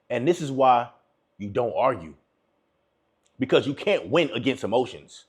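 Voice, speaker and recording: A man's voice: medium pitch, very animated, brisk, long pauses, husky. A man hosting a relationship advice video, commenting on a clip in a preachy way and acting out quotes. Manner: preachy, repetitive, acts out quotes.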